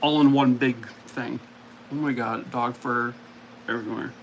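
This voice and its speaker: A man's voice: medium pitch, fairly even intonation, measured pace, a little hiss or hum, poor audio. Chatty man streaming from home. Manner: chatty, coos at his dog. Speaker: streamer host. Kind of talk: casual live-stream chat.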